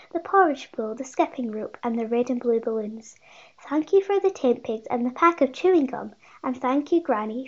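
A woman reading a rhyming children's picture book aloud, with a lively sing-song delivery and bigger voices for the characters. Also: a little high, muffled recording. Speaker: storybook reader.

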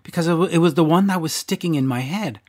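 A man hosting a casual interview, chatty and relaxed, swearing now and then. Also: on the high side, quick pace. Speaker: podcast host.

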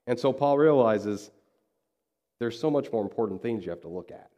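A man's voice: mid-range voice, lively intonation, moderate pace, warm tone. A man preaching a sermon in a conversational way, telling a story and acting out the dialogue. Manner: conversational, acts out quoted dialogue. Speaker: pastor. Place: church.

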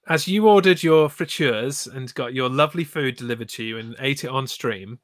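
A man telling a story on stream in a casual, animated way, with lots of swearing and mock outrage. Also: medium pitch, no echo, studio quality. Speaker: streamer co-host.

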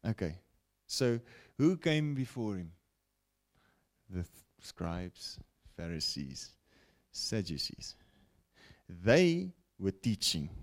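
A male preacher delivering a broadcast sermon at an unhurried, deliberate pace. His pitch swings widely as he builds points, then drops low. He checks in with his listeners now and then. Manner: animated, rising and falling preaching with frequent "okay?" asides. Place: broadcast teaching setting.

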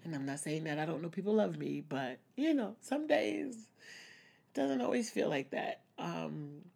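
A woman's voice: fairly low pitch, animated, measured pace, gravelly, a little mellow, slightly rough. A woman talking openly and reflectively in a personal vlog, breaking into small laughs now and then. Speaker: vlogger. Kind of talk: candid personal vlog talk.

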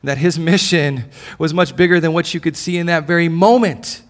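A male pastor preaching a sermon, swinging between loud declarations and soft, close lines. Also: on the high side, normal speed.

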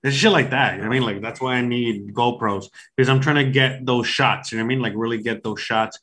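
A man's voice: mid-range voice, steady tone, fast talker, fairly bright tone. A man who hosts a cooking show, chatting casually with fillers and swearing. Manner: rambling, swearing, many fillers. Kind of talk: casual banter.

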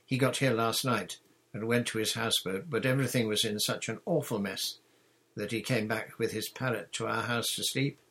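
A man's voice: lowish voice, steady tone, moderate pace, fairly bright tone, slightly rough. A man reading a storybook, voicing an eager young girl who explains the news in a rush.

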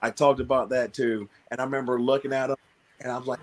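A man, a pro wrestler, telling a story in a podcast interview, animated and acting out his own lines. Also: medium pitch, fast. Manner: animated, acts out quotes, swears freely.

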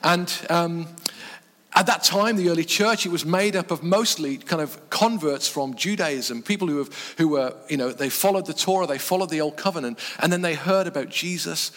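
A man preaching a sermon in earnest short phrases, dropping his voice low on key words. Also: moderate pace, fairly bright tone. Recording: long reverb from a hall.

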